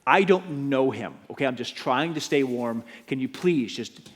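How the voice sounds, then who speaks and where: A man's voice: mid-range voice, lively intonation, normal speed, close to an everyday voice. Man playing a flustered disciple, stammering, nervous, long church echo.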